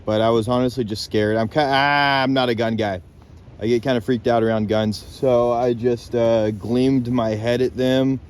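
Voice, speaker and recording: A man's voice: medium pitch, steady tone, normal speed, clean tone. A young man rambling casually into his phone while camping alone on a lake island, loose and laid-back, with some swearing. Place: outdoors on a lake island, in a tent and by a campfire. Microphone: handheld phone camera.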